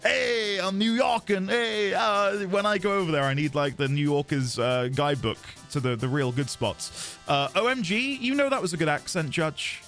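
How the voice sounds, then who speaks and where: A British man streaming a video game, chatting casually with his viewers, quick to laugh and self-deprecating. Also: on the high side, sing-song, a bit bright, faint music behind. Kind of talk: casual live-stream chat.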